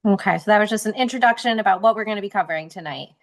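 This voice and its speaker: A woman's voice: mid-range voice, very fast, soft background music. A woman teacher presenting a parent workshop, informative, with the odd filler.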